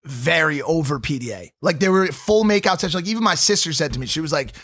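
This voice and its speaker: A young man cutting in with quick asides during relaxed podcast banter. His voice is a little high and sits close and dry on the mic. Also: no room sound. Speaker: podcast co-host.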